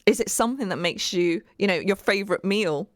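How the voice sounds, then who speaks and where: A woman's voice: mid-range voice, brisk, dry recording, clean studio sound. A woman hosting a community radio show, chatting in an upbeat, rambling way with many fillers. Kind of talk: casual radio chat.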